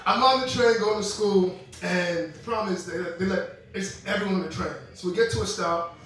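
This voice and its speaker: A young man doing stand-up, his voice high and bright as he spins animated stories and slips into quoted voices. He is heard in a very echoey room from a little way off the mic. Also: a little fast, distant mic. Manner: animated storytelling with quoted voices and laughing asides. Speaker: stand-up comedian. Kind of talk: stand-up comedy set. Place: comedy club stage with live audience.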